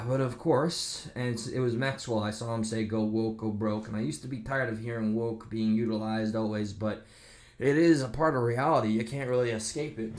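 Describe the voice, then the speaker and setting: Speaking at a medium pitch and normal speed, a video commentator delivers a casual reaction rant. He rambles, turns sarcastic, and reads online comments aloud in mocking voices.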